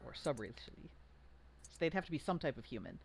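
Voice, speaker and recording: This game master talks through rules with a pitch that bounces around a lot, full of jokes and little restarts. The mood is a casual tabletop session among friends. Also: big pitch swings, fast talker, gravelly, slight background noise. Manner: chatty, joking, full of fillers and restarts.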